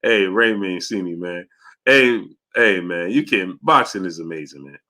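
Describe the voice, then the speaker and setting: A man hosting a call-in commentary show, pushing callers with rapid-fire questions, then mocking them and laughing loudly. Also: low-pitched, lively intonation. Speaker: boxing call-in show host.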